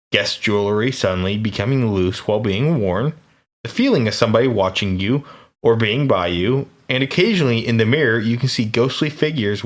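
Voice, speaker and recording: An American man co-hosting a podcast, recounting ghost reports in a laid-back, jokey way with hesitant restarts. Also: fairly low pitch. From United States. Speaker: podcast co-host. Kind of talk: casual chat, reading paranormal research.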